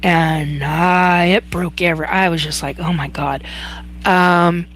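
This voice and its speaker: A woman hosting a live chat, telling a personal story in a halting way with many fillers and restarts. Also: lowish voice, fairly even intonation, fairly bright tone, a little hiss or hum. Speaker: host.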